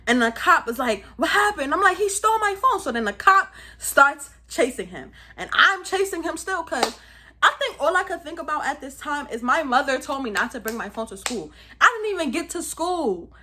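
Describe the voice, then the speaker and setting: A young woman from Brooklyn with a New York accent, telling a story in a lively, slangy, casual vlog style. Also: high voice. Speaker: vlogger.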